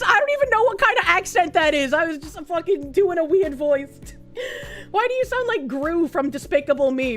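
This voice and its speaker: Woman streamer, from New England, brash, profane, laughing, high voice, lively pitch, faint background music. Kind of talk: casual live-stream chat, reading chat messages.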